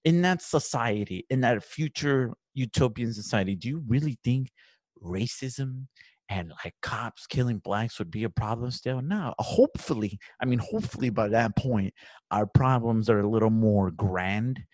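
A man hosting a podcast, chatting casually, telling animated stories and swearing freely, with Spanish phrases dropped in. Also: mid-range voice, moderate pace, no echo, clean studio sound. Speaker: podcast host. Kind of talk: casual chat.

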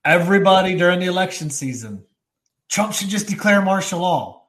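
A man co-hosting a live stream, chiming in with quick remarks and frequent laughs. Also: high voice, lively intonation, a bit bright. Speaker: co-host. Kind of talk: casual live-stream chat.

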